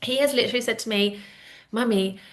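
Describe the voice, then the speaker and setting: A woman in her thirties hosts a casual podcast conversation over a video call, speaking at a medium pitch and a little fast. She's chatty and animated, laughing often as she tells stories.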